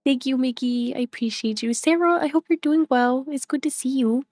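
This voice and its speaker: With a high, slightly mellow voice at a moderate pace, a young livestreamer chats from home on a desk mic. The sound is studio quality with no echo, and she reads names from chat aloud, laughing frequently.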